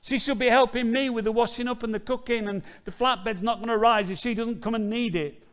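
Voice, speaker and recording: A man voicing a flustered, busy woman who frets loudly about hosting an important guest. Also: brisk, natural voice. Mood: indignant. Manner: frantic, fussing, high and loud.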